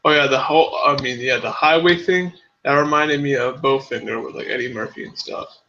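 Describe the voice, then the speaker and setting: A man's voice: medium pitch, fairly quick, sharp tone. A man co-hosting a casual movie review chat, laid-back and profane, hesitating with many ums, on a dull lo-fi recording with faint hiss. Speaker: podcast co-host.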